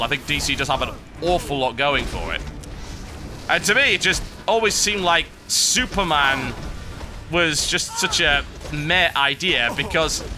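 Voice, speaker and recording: Sarcastic male gameplay commentator, rambling, very bright tone. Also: a little high, slight background noise. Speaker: game commentator. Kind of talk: let's play commentary. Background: game music.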